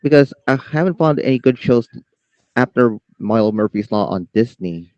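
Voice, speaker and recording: A man from the Philippines speaks as a guest on a casual podcast, nervous and prone to stammering. His voice is dark and mellow. It comes through a dull, lo-fi mic with a dry sound. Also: medium pitch, expressive, normal speed, dry recording. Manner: nervous, stammering, laughs often.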